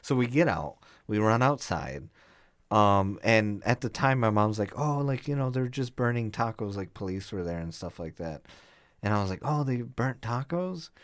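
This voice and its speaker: A man's voice: lowish voice, normal speed, dry recording. Rambling storyteller man, dry sound. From Chicago area. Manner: rambling, many fillers, laughs through stories. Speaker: podcast co-host. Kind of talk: casual storytelling chat.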